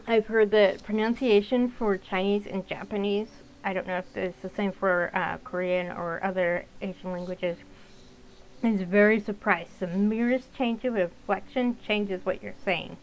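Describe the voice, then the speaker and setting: A woman's voice: medium pitch, fairly even intonation, unhurried, rough recording. A young woman narrating a visual novel and chatting casually between lines, with fillers. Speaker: gaming channel host. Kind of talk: let's-play narration and casual commentary.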